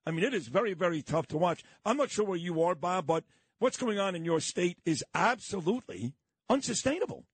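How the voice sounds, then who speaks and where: A man hosting a morning radio talk show, interviewing bluntly and with lively energy. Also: high-pitched, brisk, slightly rough, dry recording. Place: radio studio.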